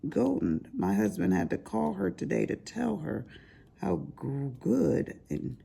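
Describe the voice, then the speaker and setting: An older grandmother who vlogs about crafting chats casually to her viewers while she works, rambling and laughing at her own asides. Her voice is fairly low, very animated and measured in pace, dark in tone with vocal fry and a breathy edge.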